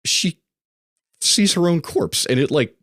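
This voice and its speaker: A man co-hosting a casual film podcast, talking in a relaxed way that turns excitable, with frequent filler words. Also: on the high side, slow pace, no room sound, clean studio sound. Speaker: podcast co-host.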